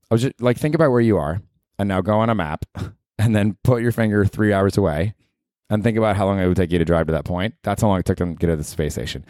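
A man's voice: on the low side, fast talker, darkish tone, no room sound, studio quality. A man hosting a casual comedy podcast on his own, talking in a sarcastic, profane and rambling way. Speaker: podcast host.

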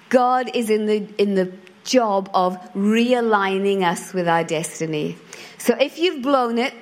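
A middle-aged woman preaching to a church congregation, chatty and animated as she tells a personal story. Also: medium pitch. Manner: conversational, animated storytelling with acted quotes. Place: church hall before a congregation.

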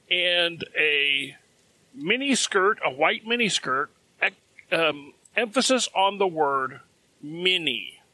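A middle-aged man spins a personal story in a casual, chatty way. His voice sits a little high and sounds bright and forward. He often breaks into a chuckle at his own jokes.

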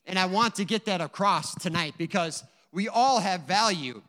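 A man's voice: high voice, moderate pace, bright, forceful tone, long reverb tail. A man giving an earnest, emotional personal testimony to a church audience, telling his story with many asides. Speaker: guest speaker giving a testimony.

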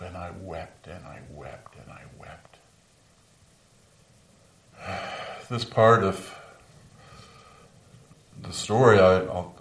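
In a large room with a live audience, a man with a low voice delivers an earnest first-person monologue as the apostle Peter, remorseful for his denial and whispering at moments of grief. The recording is roomy from a distant mic, with slight background noise.

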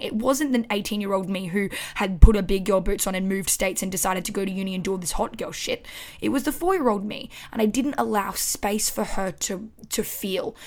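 Woman, young adult, Australian accent, podcast host, expressive, swears often, home microphone. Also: medium pitch. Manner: expressive, frequent swearing, emphatic. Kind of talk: casual motivational podcast monologue. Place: her house. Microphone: studio microphone.

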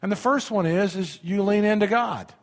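A man's voice: high-pitched, normal speed. A man in his fifties, a pastor preaching a sermon with emphasis and leading his congregation in call-and-response. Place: church sanctuary. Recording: reverberant church hall.

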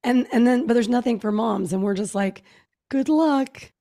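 Gravelly-voiced woman podcast host. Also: fairly high pitch, a little fast. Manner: relaxed questioning, hesitant fillers. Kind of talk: casual interview.

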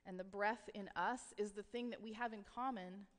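A woman's voice: medium pitch, steady tone, normal speed. A woman giving a sermon, talking in an earnest, reflective way with casual filler words. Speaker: preacher. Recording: long reverb of a hall.

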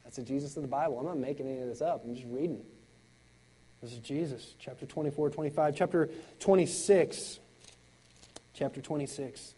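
A man preaching a sermon, swinging between loud exclamations and quiet intensity, with laughing conversational asides. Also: medium pitch, a little fast, breathy edge, rough recording. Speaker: pastor.

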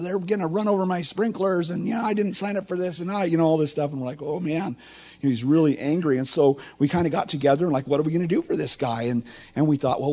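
A man's voice: a little high, mellow, breathy edge. A middle-aged man and pastor giving a chatty, conversational sermon, asking his listeners questions and telling personal stories. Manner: chatty and informal, asks the congregation questions, tells personal stories. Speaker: teaching pastor.

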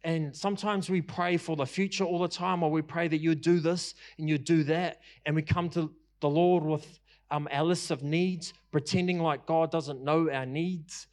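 A man's voice: fairly high pitch, steady tone, normal speed, darkish tone. A man preaching a passionate sermon, repeating his lines for emphasis and using casual fillers. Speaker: pastor.

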